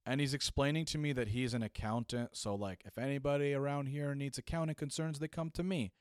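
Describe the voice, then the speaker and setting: A man's voice: medium pitch, a little fast, smooth, no echo, studio quality. A young man telling a funny story casually, acting out the people in it with lots of fillers. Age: young adult. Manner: animated, acts out voices, casual filler. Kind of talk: comedic storytelling.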